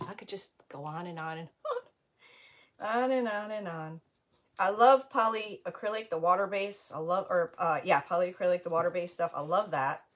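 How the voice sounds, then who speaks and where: A woman's voice: fairly low pitch, slight background noise. A woman hosting a casual crafting livestream, rambling and greeting viewers by name.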